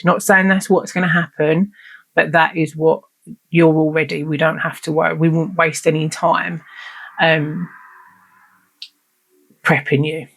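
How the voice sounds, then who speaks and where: A woman's voice: sits low, flat delivery, unhurried, creaky, pauses often, husky. A woman hosting her own show, telling a personal story in a candid, rambling way and swearing freely. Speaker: podcast host.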